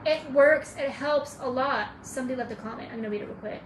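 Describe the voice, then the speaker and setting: High-voiced emphatic woman in an echoey room. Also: fast talker, few pauses, background noise. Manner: emphatic, preachy, repeats herself. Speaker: spiritual teacher. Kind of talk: casual live-stream advice.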